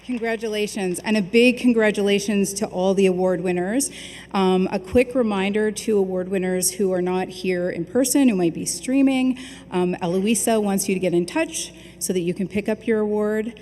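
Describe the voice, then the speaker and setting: A woman hosts an awards ceremony in a chatty, warm way, with plenty of ums as she thanks people. Her mid-pitched voice carries a long hall reverb over faint background noise. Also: moderate pace. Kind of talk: hosting an awards show.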